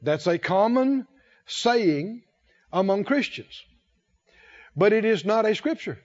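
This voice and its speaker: Preacher guy with a high voice going through scripture, asks the church to answer back, muffled lo-fi sound. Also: lively intonation, takes it slowly, a little mellow. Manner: preaching, quoting scripture and asking the congregation to respond. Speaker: pastor. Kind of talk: sermon.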